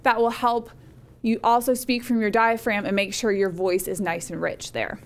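A woman's voice: mid-range voice, level tone, normal speed. A woman teaching a college public speaking course in a recorded lecture, conversational and encouraging, often checking in with "right?". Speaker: college speech instructor.

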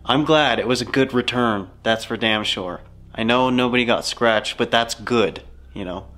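A man hosting a ghost-hunting vlog, speaking in a hushed, low voice to spirits inside a large old building. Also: moderate pace. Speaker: paranormal investigator host. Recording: echoey hall with faint noise.

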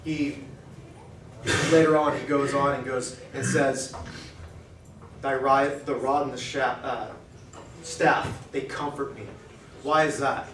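A man speaking at a men's breakfast in a cafe, preaching in an animated way and acting out quoted thoughts in a hushed voice. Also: mid-range voice, slow, pauses often, noisy background. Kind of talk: preaching talk. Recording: echoey room, mic far off.

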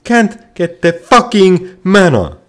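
A man's voice: sits high, big pitch swings, slow pace, fairly bright tone. A man ranting and swearing constantly while playing a card game, frustrated and repeating himself. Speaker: gamer. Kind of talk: ranting gameplay commentary.

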